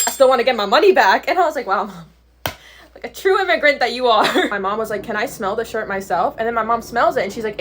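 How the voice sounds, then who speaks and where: A young woman rattles through a storytime at a quick clip. Her voice sits fairly high and she laughs often. She talks casually, with plenty of slang. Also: a bit bright, slight background noise. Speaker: storytime vlogger. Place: New York City.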